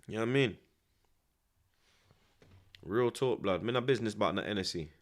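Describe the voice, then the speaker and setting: A young man streams his live reaction to a football match in a lowish, brisk voice. His chat is casual and animated, packed with street slang and frequent tag questions.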